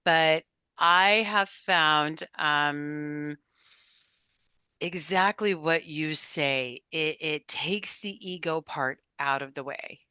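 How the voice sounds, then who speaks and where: A woman co-hosting a podcast, effusive and thinking out loud, often losing her thread. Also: deep voice, takes it slowly, clear, resonant tone, dry recording. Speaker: podcast co-host. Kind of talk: casual conversational interview.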